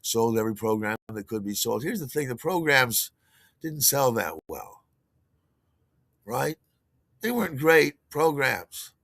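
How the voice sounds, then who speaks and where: Bright, tense and creaky, an older man's voice comes through close-miked and dry, without room sound. As a podcast host he rambles through a casual story at a measured pace with long pauses, restarting sentences, chuckling, and animatedly acting out quotes in a higher voice.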